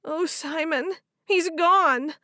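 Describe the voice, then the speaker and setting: Brief: grieving young woman, read by a female narrator, high, strained, animated, dry booth. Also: measured pace, no echo, exaggerated voice. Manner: high and loud, choked with distress. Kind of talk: audiobook character voice.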